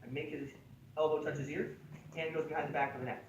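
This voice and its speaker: Talking fast in a voice on the high side with little pitch movement, a man explains a jiu-jitsu choke to a gym class, joking and checking in with "right?" often. It's conversational technique instruction at a martial arts gym. The lo-fi recording has a little hiss or hum and comes from a distant mic in an echoey room.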